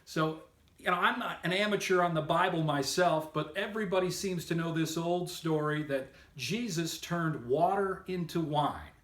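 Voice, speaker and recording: A man's voice: fairly high pitch, moderate pace, fairly bright tone, echoey room. A man giving an upbeat, emphatic sales training lesson, coaching listeners on method. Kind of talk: instructional talk to camera.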